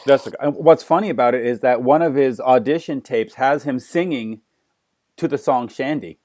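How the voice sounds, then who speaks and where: A man's voice: mid-range voice, moderate pace, a little mellow. A man hosting an interview, asking eager questions with frequent stammered restarts. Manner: enthusiastic fan questions, repeated stammered starts. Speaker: interview host. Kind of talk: casual interview conversation.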